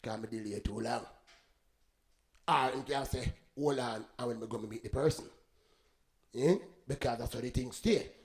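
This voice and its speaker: A man's voice: medium pitch, moderate pace, pauses often. A man giving a rambling, preachy spoken reflection between songs, mixing in patois sayings.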